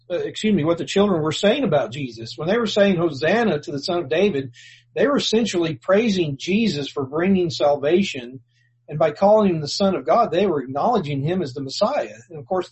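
Man, preacher, sermon, earnest and plainspoken, slightly high voice, very husky. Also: darkish tone, rough recording. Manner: earnest, plainspoken, restarts words, rises when quoting scripture.

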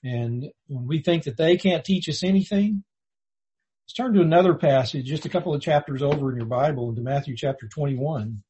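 A man delivers a sermon in an earnest, plainspoken manner, pausing and restarting words as he explains scripture. His voice sits fairly high for a man and is very breathy and husky throughout. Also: dark tone, highs cut off. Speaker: preacher.

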